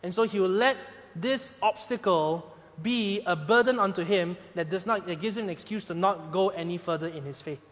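A man preaching a sermon as pastor, swinging between loud emphatic points and quiet, soft passages. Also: sits high, moderate pace. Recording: long hall reverb.

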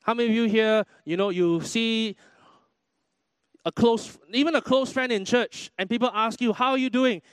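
A man preaches a sermon in a church, his voice sitting high for a man. He talks animatedly and acts out little quoted exchanges. The sound is dry and close. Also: moderate pace, smooth, no echo. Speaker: pastor.

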